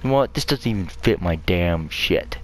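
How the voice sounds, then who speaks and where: Low-voiced man ranting angrily over gameplay. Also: lively intonation, moderate pace. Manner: angry, profane, ranting. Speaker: gamer. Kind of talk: let's play commentary.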